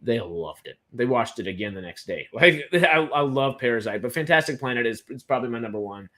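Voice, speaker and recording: A man's voice: mid-range voice, expressive, fairly quick, bright, forceful tone. A young man from Texas, chatting casually as a film news co-host on a live stream, rambling, stammering and enthusiastic.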